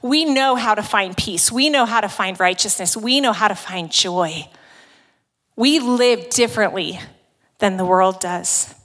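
A woman's voice: mid-range voice, a little slow, a bit bright. A woman giving a sermon to a women's gathering, conversational and emphatic as she retells scripture. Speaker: women's ministry speaker. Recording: long reverb in a large hall.

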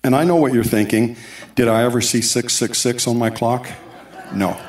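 A man's voice: medium pitch, steady tone, moderate pace, a little mellow. A man giving a sermon testimony, telling his story with asides and quoted dialogue, recorded in a church sanctuary. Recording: echoey church hall.

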